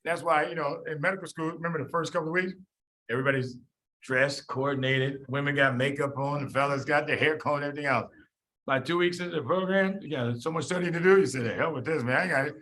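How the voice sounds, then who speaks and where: A middle-aged man lecturing medical students in an animated, folksy, joking storytelling way. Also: fairly high pitch, fast talker, poor audio. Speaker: medical school biochemistry lecturer.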